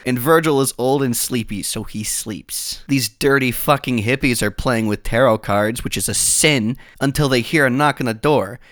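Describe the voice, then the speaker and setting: A man's voice: medium pitch, normal speed, few pauses, a bit bright, no room sound, studio quality. A young man narrating a crude comedic movie recap, mocking and profane.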